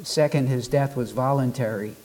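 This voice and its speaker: A man preaching a sermon, building rhythmic lists and pausing for dramatic effect. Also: mid-range voice, steady tone, darkish tone. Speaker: pastor.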